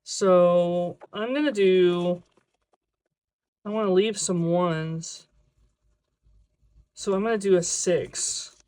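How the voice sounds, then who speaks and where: A budgeting video creator in a casual vlog, talking to themself while counting cash aloud, sometimes slipping into a drawn-out sing-song cadence. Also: mid-range voice, darkish tone. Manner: chatty self-talk, counting money aloud.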